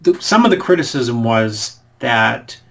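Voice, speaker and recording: A man co-hosting a radio show, chatting casually, asking questions and thinking out loud. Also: medium pitch, sing-song, measured pace, vocal fry. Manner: questioning, musing aloud. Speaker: co-host.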